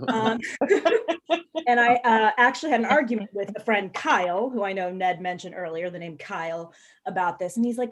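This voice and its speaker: On a live video call, a stand-up comedian in her thirties talks fairly quickly at a medium pitch. She tells frank, bawdy stories, with lots of ums and little laughs.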